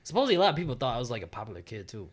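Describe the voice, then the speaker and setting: A man's voice: mid-range voice, big pitch swings, racing. A man in his thirties hosting a casual podcast, talking in a laid-back way and often asking "you know what I mean?". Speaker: podcast host. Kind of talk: casual chat.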